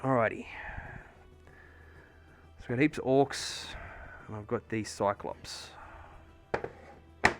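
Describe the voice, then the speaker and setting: Streaming from his home in Australia, this miniature painter chats loosely and wanders through a story, swearing often and using lots of fillers. He talks slowly at a medium pitch, leaving long pauses, with faint music behind him.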